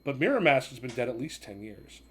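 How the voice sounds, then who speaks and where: A man narrating as game master of a tabletop game, rambling and halting with many fillers. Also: medium pitch, sing-song, fairly bright tone, husky.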